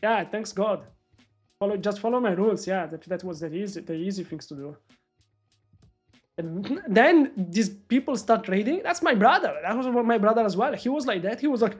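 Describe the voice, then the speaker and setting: A woman day trader live-streaming her trades, talking excitably to viewers and swearing freely. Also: medium pitch, normal speed, husky, soft background music. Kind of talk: live-stream trading commentary.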